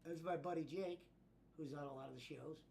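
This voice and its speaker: A man's voice: on the high side, a little fast, gravelly, a little mellow. A man hosting a stream, casually talking over his old clips in a loose, laughing way. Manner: loose, laughing, profane chatter. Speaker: streamer host.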